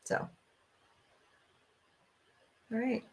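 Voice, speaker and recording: A woman's voice: medium pitch, lively intonation, unhurried, fairly bright tone. A middle-aged woman hosting a casual livestream from home into a laptop mic, talking emotionally and venting. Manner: emotional, venting, tearful at times. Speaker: podcast host. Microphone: laptop microphone.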